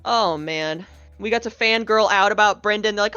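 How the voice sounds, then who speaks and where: A woman chatting casually as a guest, an animated storyteller who acts out the people she quotes. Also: mid-range voice, normal speed, smooth, no echo, dull audio. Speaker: guest, game co-developer. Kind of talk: casual podcast chat.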